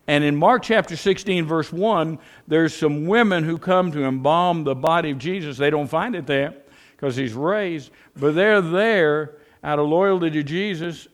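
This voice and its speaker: A man delivers a sermon in a warm, conversational preaching manner. He leans on rhetorical tag questions aimed at the congregation and often stumbles and restarts his phrases. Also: fairly high pitch, unhurried. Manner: repeats words and restarts often. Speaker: pastor.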